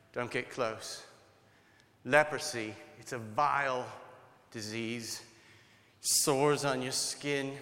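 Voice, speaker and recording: A man performing a dramatic first-person monologue as a grateful leper who was healed, earnest and swinging between hushed and exclaiming. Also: medium pitch, smooth. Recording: long hall reverb.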